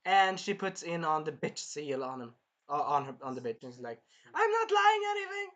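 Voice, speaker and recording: A reviewer excitedly recapping an anime episode, acting out the characters' shrieks and cries and often losing track mid-sentence. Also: mid-range voice, normal speed. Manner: animated, acts out shrieks and cries; rambling, loses track and restarts.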